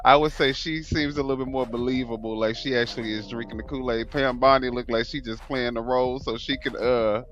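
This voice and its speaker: A man's voice: medium pitch, steady tone, fairly quick, hardly any pauses, fairly bright tone, muffled recording, soft background music. A man hosting a live talk stream, blunt and laid-back, with lots of fillers. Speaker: livestream host. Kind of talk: casual political chat.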